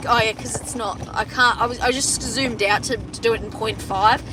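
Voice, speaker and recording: A woman's voice: fairly high pitch, fairly even intonation, moderate pace, noisy background. A young Australian woman livestreaming from her phone inside a car on a farm, chatting casually with viewers, swearing often and restarting her sentences. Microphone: phone front camera.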